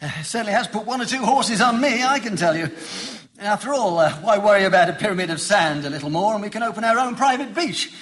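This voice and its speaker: An actor playing a flustered, sarcastic husband on holiday. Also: male voice, high voice, fast, a bit bright. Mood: irritable. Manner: exasperated, sarcastic. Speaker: hotel guest. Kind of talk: comedy drama acting.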